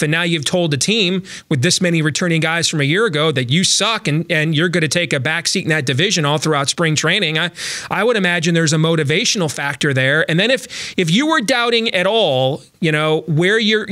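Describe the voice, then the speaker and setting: A man's voice: a little high, animated, a little fast, pushed and bright, dry recording, clean studio sound. A man hosting a sports talk show, chatting casually about baseball with lots of fillers and restarts.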